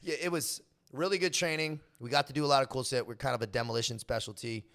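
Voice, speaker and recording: A young man with a Californian accent and a gravelly edge to his voice tells stories at an easy pace. He is casual and slangy, and laughs between stories. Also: mid-range voice, steady tone, fast talker, a bit bright. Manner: laid-back slangy talk, lots of bro and dude, laughs often. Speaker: podcast guest. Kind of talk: casual storytelling interview.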